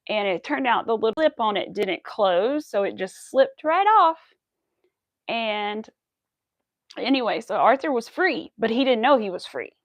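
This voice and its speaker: A woman's voice: on the high side, sing-song, measured pace, dry recording, low-quality recording. A woman hosting a crochet livestream, chatting casually and rambling to her viewers as she works. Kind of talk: casual chat while crocheting.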